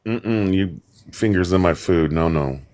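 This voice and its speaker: A man's voice: low voice, unhurried, darkish tone. A man chatting casually on a live stream, laid-back and wry. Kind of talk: casual chat.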